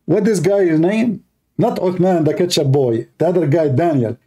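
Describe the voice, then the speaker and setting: Male streamer, higher-pitched and mellow, sarcastic and jeering, broken grammar. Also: normal speed, slightly rough. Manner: sarcastic and mocking, nonstandard English grammar. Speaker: host of a live religious debate stream. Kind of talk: mocking livestream monologue.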